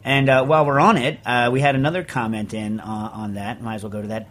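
A middle-aged man from Vermont hosting a casual podcast chat, rambling and ranting with animated energy. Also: mid-range voice, fast, few pauses. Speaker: podcast host.

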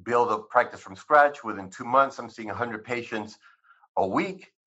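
A man's voice: medium pitch, normal speed, pushed and bright. A man in his sixties, a chiropractor being interviewed, tells his life story in a rambling, conversational way with many fillers and re-enacted quotes. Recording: slightly muffled recording.

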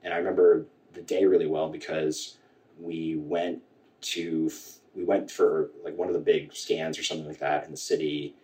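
A man guest telling a personal story in a halting way, with many restarts and quoted dialogue. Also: extremely low pitch, little pitch movement, darkish tone. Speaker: podcast guest. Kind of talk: candid storytelling conversation. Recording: echoey room, voice from a distance.

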